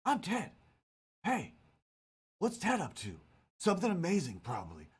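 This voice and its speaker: Man doing Ted, a raspy dopey bro cat. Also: high voice, huge pitch swings, normal speed, voice pushed up, exaggerated voice. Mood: boastful. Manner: goofy, self-assured bro talk.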